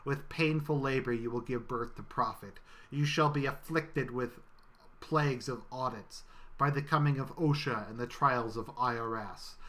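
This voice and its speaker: A man's voice: moderate pace, fairly bright tone, lightly acted. A man doing a pompous wrathful bureaucrat god. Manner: booming, pompous proclamations.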